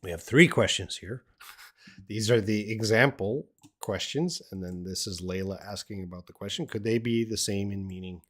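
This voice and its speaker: Older Australian man teaching English, low voice. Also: normal speed. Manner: relaxed, rambling, with frequent fillers and restarts. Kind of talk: live-stream English lesson answering chat questions.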